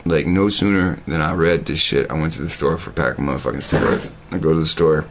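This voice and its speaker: A man's voice: sits low, a little hiss or hum. A man telling a long, loose story in casual, profane everyday talk, full of restarts and asides.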